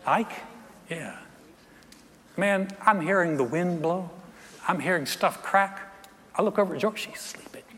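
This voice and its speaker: His voice is high, his pace a little slow, and he pauses often. In a church sanctuary whose reverberant sound and faint ambience come through, the middle-aged pastor preaches animatedly, acting out scenes and joking with his congregation.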